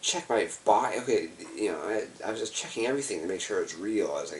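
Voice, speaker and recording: A man's voice: on the low side, expressive, fast talker, hardly any pauses, far from the mic, a little hiss or hum. An exhausted man rambling in a loose, profane way, with lots of fillers. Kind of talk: rambling personal video monologue.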